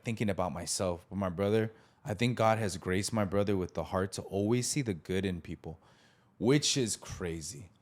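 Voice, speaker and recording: This man in his thirties, whose voice sits on the low side, hosts a podcast and tells a casual story about his childhood. He keeps it lively, doing voices and laughing a lot along the way.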